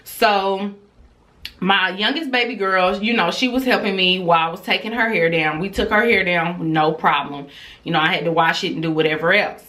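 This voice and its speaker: A woman's voice: lowish voice, moderate pace. A woman in her thirties telling a family story in a casual, chatty vlog style, talking straight to her viewers. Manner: chatty and animated, addresses viewers as y'all; acts out quoted dialogue, dropping to a whisper for her child.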